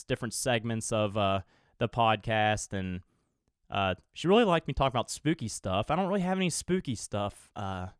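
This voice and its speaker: A young man hosts his own podcast alone, rambling casually, swearing freely, and chuckling now and then. His voice is fairly low with a clean tone, recorded at studio quality with no echo.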